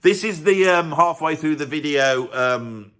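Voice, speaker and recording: Man, music vlog host, rambling teasing asides, bright tone. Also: a little high, lively intonation, a little slow, smooth. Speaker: YouTube music channel host. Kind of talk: casual vlog commentary.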